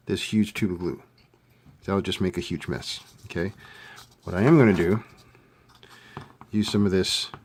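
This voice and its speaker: A man giving a casual hands-on modeling tutorial, thinking aloud with relaxed fillers as he works. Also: lowish voice. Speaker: scale model hobbyist demonstrating a kit build.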